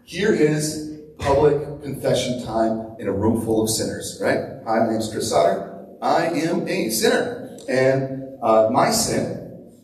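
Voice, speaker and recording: A man's voice: medium pitch, expressive, takes it slowly, a little mellow. A man in his thirties preaching a casual, conversational sermon, chatty and full of fillers like "like" and "right?". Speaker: pastor. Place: church hall. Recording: echoey hall from far off, faint noise.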